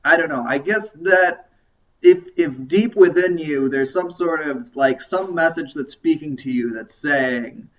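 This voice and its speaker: A man's voice: a little high, measured pace. A man co-hosting a casual podcast discussion, talking hesitantly with many restarts and rambling asides. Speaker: podcast co-host. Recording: distant lo-fi home recording.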